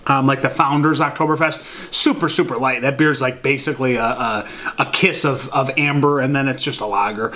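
A man's voice: mid-range voice, fairly even intonation, a little fast, sharp tone. A man casually reviewing a beer at home, talking to viewers with lots of fillers and a rambling manner. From Michigan. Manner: rambling, many fillers, addresses viewers as guys.

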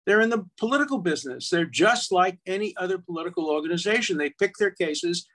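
Older guy arguing hard, fairly high voice, keeps restarting his sentences. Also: lively intonation, quick pace, a bit bright. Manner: argumentative, emphatic, frequent restarts. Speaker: guest, attorney and law professor. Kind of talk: casual conversation.

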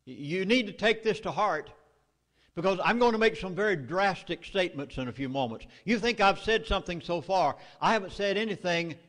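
A middle-aged man with a Southern US accent addresses a meeting in a public speech. He speaks in a fairly high voice. He delivers his warnings emphatically and urgently. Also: a bit bright, big-room sound.

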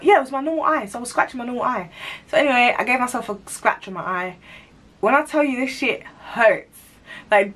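Young woman in her twenties, storytime vlog at home, animated and slangy, laughs at herself, mid-pitched voice, camera mic. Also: slight background noise. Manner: animated, slangy, self-mocking. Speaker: vlogger. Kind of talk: storytime monologue.

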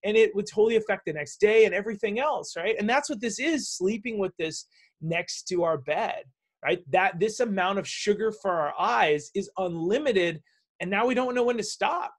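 A middle-aged man hosting an interview, telling a story in a lively way and acting out the voices he quotes. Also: sits high, normal speed. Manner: animated, acts out quoted voices. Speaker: show host.

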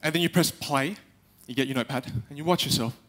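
A young man giving a live talk on stage, animated, acting out little quotes and speaking straight to the audience. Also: mid-range voice, fast talker. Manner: animated, acts out quotes, addresses the audience directly.

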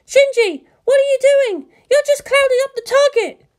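A man's voice: very high voice, expressive, moderate pace, pitched above the performer's own voice. A man voicing an adult woman commander who barks urgent orders over a radio link.

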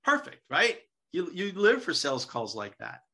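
Bright-voiced man telling sales stories. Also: high-pitched, moderate pace. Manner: lively storyteller, acts out quoted dialogue. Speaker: guest speaker on hospital sales. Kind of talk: anecdotal seminar talk.

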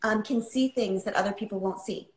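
A woman's voice: mid-range voice, a little fast, echoey room, low-quality recording. A woman author telling a personal story in a livestream chat, impassioned and often asking "right?". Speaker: author guest.

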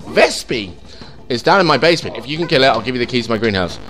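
A man voicing a gruff villager in a game with a put-on accent. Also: medium pitch, lively intonation, fast, a bit bright, soft background music, voice pushed down, lightly acted. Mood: pleading.

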